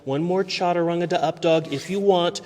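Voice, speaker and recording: A man teaching a yoga class, calmly cueing poses step by step and easing toward relaxation, a little out of breath. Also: high voice, fairly quick, in a large hall. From United States. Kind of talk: guided yoga class instruction. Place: yoga studio.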